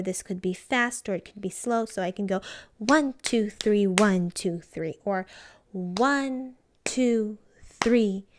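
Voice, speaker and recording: A woman teaching a music theory lesson, patiently explaining time signatures and counting the beats aloud. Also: mid-range voice. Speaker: piano teacher.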